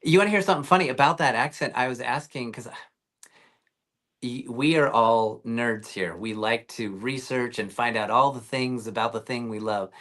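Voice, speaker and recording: A man's voice: mid-range voice, moderate pace, fairly bright tone. A man talking as a guest actor in a casual interview, telling rambling stories with lots of fillers and restarts over a video call.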